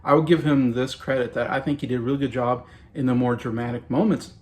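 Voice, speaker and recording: A man's voice: mid-range voice, steady tone, fast talker, darkish tone. A man around forty giving a casual movie review, rambling and hedging with frequent restarts.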